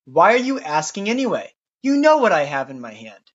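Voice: mid-range voice, big pitch swings. A podcast narrator voicing an anxious, doubtful old male prophet who protests and panics, on a dull lo-fi recording. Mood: skeptical. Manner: fretful, protesting, quick to panic. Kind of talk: storytelling podcast.

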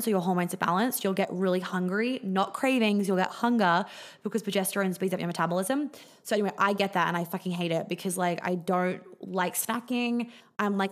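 Chatty young woman hosting a live Q&A. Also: medium pitch. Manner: chatty, frequent fillers and swearing. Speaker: podcast host answering viewer questions. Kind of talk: casual live Q&A chat.

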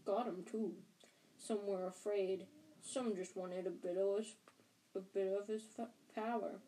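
A huge, gentle groundskeeper from a storybook, speaking in a low, worried voice that halts and restarts, as a woman reading aloud puts him on. He talks slowly, with a warm, mellow tone. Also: steady tone, lightly acted, poor audio. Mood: grave.

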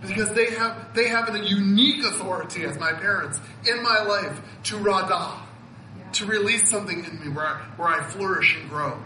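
A man's voice: high voice, moderate pace, sharp tone, reverberant, a little hiss or hum, poor audio. A man in his fifties preaching a sermon, earnest and emotional, often laughing and repeating words as he speaks. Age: 50s. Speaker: pastor.

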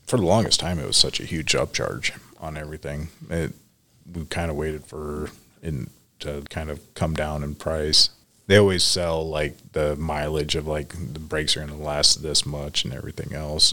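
A man's voice: rumbling low, flat delivery, moderate pace, pushed and bright. A man in a casual work chat, answering in a plain, matter-of-fact way.

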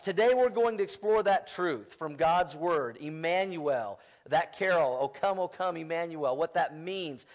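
A man preaching a sermon in a church, telling stories in a relaxed, conversational way with playful humor. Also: fairly high pitch, moderate pace, few pauses. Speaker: pastor. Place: church sanctuary.

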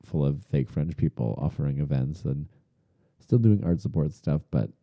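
A man from Long Island telling animated stories in a casual chat, peppering them with "like.". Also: very deep voice, normal speed, dry recording, highs cut off. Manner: animated storyteller, lots of "like".

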